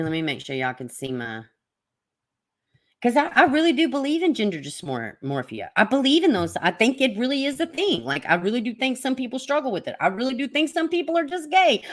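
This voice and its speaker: A woman ranting in a profane, angry, exasperated way as she reacts to news articles on camera. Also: a little high. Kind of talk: ranting commentary vlog.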